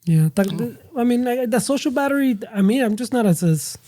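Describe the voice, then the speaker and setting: Mellow laid-back man switching to Spanish. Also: extremely high pitch, animated, brisk. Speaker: podcast co-host. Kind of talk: casual chat.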